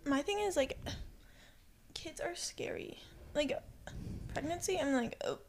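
A woman's voice: sits high, measured pace, gravelly, slight background noise. A young woman in casual chat, rambling with many fillers.

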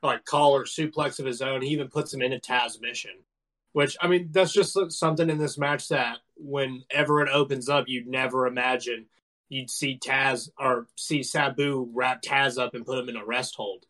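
Man, podcast co-host, laid-back casual chat, mid pitch. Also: steady tone, moderate pace, pushed and bright, rough recording.

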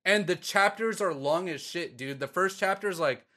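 A man in casual podcast chat, excitedly and profanely retelling a story to his co-host. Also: high-pitched, moderate pace.

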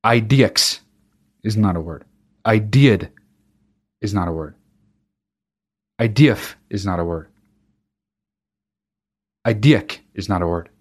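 A man's voice: fairly low pitch, expressive, slow, pauses often. A man hosting a podcast, talking alone in a casual monologue, ranting with emphatic profanity and frequent restarts. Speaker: podcast host.

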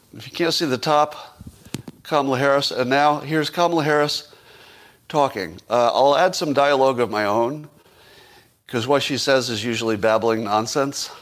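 A man's voice: mid-range voice, a little slow, pauses often, fairly bright tone, a little hiss or hum. Male commentator, middle-range voice, casual and sarcastic, full of rhetorical questions. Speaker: political commentator.

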